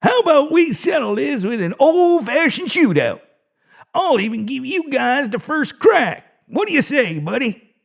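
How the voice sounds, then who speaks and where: A man voicing an elderly security guard possessed by an ancient evil, talking with a childlike, cackling excitement. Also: extremely high pitch, a little slow, gravelly, pitched above the performer's own voice, full character voice. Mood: gleeful. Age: older. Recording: dry close-mic narration.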